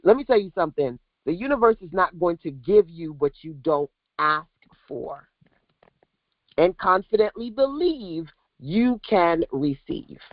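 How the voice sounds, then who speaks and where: A woman's voice: fairly low pitch, measured pace, dry recording, muffled recording. Fiery woman coach preaching to her chat. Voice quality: animated, preachy, talks straight to the chat. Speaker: business coach. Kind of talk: livestream coaching talk.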